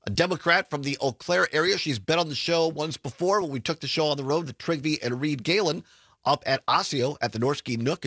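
A man's voice: a little high, breathy edge, no room sound. A man, hosting a political talk radio show in a studio, chatty and sarcastic as he tells stories. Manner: chatty, sarcastic, animated storytelling.

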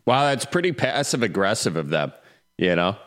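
Male host, low voice, easygoing interview questions. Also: sing-song, moderate pace, a bit bright. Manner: brief encouraging replies, laughs along. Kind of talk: casual interview.

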